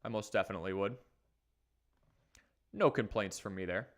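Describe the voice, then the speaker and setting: A man hosting a live fantasy football stream, talking casually and energetically while he reads from the chat. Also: fairly low pitch. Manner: energetic, conversational, talks fast in bursts. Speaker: fantasy football livestream host.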